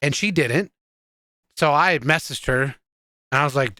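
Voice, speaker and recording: A man's voice: fairly high pitch, measured pace, sharp tone, dry recording, studio quality. A man co-hosting a casual podcast, telling stories in an exasperated, profane, rambling way with many restarts. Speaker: podcast co-host.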